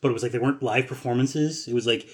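A man's voice: medium pitch, fast. A man guesting on a podcast, chatting casually about films and agreeing often. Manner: relaxed, agreeable, frequent short affirmations. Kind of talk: casual film discussion.

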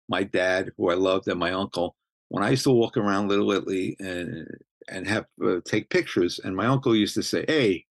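A man's voice: lowish voice, vocal fry, dry recording. A man, telling stories in casual chat, rambling with many restarts. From Brooklyn, New York. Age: 70s. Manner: rambling, full of restarts and you-knows. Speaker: interviewee, street photographer.

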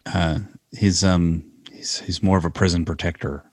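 A man's voice: deep voice, steady tone, moderate pace. A young adult man co-hosting a podcast, trading loose, opinionated banter, swearing and laughing often. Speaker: podcast co-host. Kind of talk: casual chat.

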